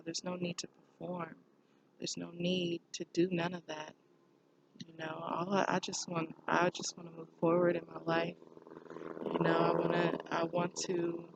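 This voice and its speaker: A woman's voice: on the low side, gravelly, noisy background. A woman talking candidly to camera in a personal vlog, reflective and meandering. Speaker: vlogger.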